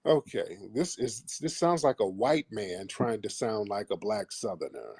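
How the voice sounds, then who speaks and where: A man hosting a live call-in stream, mocking and insulting his callers bluntly with slow, drawn-out put-downs. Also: on the low side, sing-song, gravelly, darkish tone, slightly rough, no echo, studio quality. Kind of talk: combative call-in show talk.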